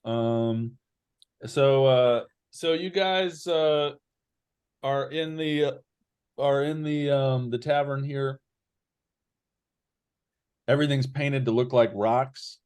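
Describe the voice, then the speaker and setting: A man narrating as game master in an online tabletop game, relaxed and rambling with many fillers. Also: mid-range voice, slow pace, pauses often, clean tone.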